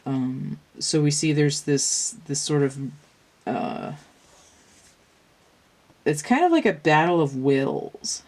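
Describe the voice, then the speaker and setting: A woman with a low, deep voice reads tarot cards in a casual, unscripted way. She thinks aloud as she goes, wandering and restarting her sentences. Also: sing-song, slow pace, creaky, long pauses, a little mellow. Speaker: tarot reader. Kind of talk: casual tarot reading talk.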